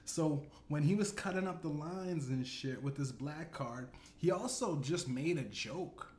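This man hosts a comedy podcast and takes his time spinning a profane, meandering tale full of "you know what I'm saying." His pitch is a little high and his tone somewhat dark. The audio carries an echo and a faint background ambience.

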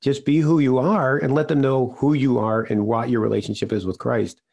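An older man telling a personal story in an interview, earnest and halting, often restarting his sentences. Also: mid-range voice, fairly even intonation, gravelly, darkish tone, dull audio. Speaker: regular podcast host, interviewed guest.

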